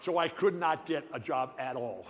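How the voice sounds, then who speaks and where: An older man with a lifelong stutter tells a long, rambling story at an awards dinner. He talks in an emphatic, folksy way and jumps from one tangent to the next. His voice sits a little high and carries a long reverb from a large banquet hall. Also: lively intonation, normal speed, some chatter behind. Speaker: guest speaker at an awards dinner.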